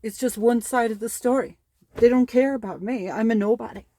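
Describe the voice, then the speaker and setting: A woman's voice: on the high side, normal speed, warm tone. A woman speaking a personal monologue to camera as a parent, upset and pleading, repeating herself.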